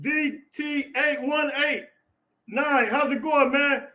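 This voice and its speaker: An American man hosting a casual sports podcast, loud and hyped, shouting greetings and laughing with viewers. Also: very high voice, fairly even intonation, slow, rough recording. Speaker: podcast host.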